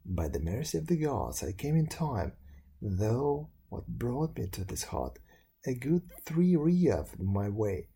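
A man voicing a kindly old countryman who speaks in a brisk, reassuring way. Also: mid-range voice, sing-song, creaky, mellow, a little hiss or hum, heavily acted.

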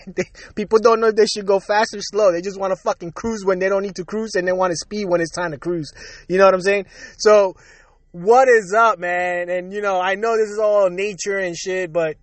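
A man's voice: high voice, steady tone, normal speed, no room sound. A man from Puerto Rico hosting his own show, ranting casually and profanely and laughing between lines. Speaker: podcast host. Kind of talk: casual solo rant.

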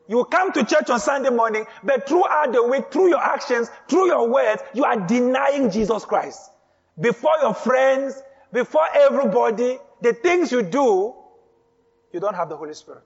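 A man preaching a sermon as pastor, speaking emphatically, repeating key phrases and building up to shouts. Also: extremely high pitch, husky, in a large hall, highs cut off.

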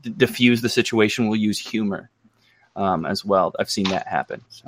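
An American man from the United States hosts a casual livestream, rambling and thinking out loud with lots of fillers and restarts. His voice is on the low side at a moderate pace, with a little hiss or hum in the background.

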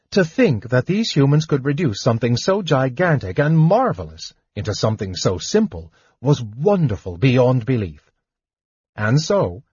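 A man narrating a fantasy novel as an audiobook reader, in lively storytelling fashion. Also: mid-range voice, dry recording. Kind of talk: scripted narration. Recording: dull lo-fi audio, husky.

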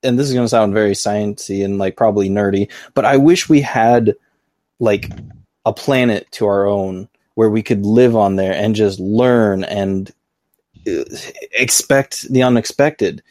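A man's voice: on the low side, measured pace, a little mellow, no room sound, clean studio sound. A man co-hosting a live podcast, chatting casually and thinking aloud with eager restarts. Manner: enthusiastic about the topic. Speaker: podcast co-host.

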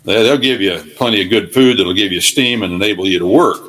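Older male radio guest, low voice, folksy preacher-style storyteller who rambles. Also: normal speed, a bit bright.

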